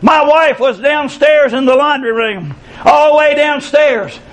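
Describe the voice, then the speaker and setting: A man, preaching a folksy sermon, stretching key phrases slowly and breaking into shouts. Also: very high-pitched, poor audio. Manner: folksy storytelling preacher, drawn-out emphatic phrases, bursts of shouting. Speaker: pastor.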